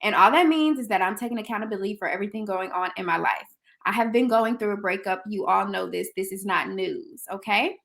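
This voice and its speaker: A young woman hosting a casual interview, lively and chatty. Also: medium pitch, fast, gravelly. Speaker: host.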